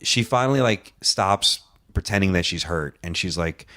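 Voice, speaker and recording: Low-voiced man telling a rambling story. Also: normal speed, few pauses, a bit bright. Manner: rambling anecdote, acting out other people's lines. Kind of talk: casual storytelling.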